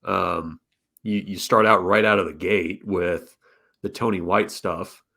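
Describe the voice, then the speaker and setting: A man co-hosting a casual sports podcast who asks long, rambling questions. He often doubles up on his words as he works through a thought, and his voice sits on the low side. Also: fairly even intonation, unhurried, vocal fry, bright, forceful tone. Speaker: podcast co-host.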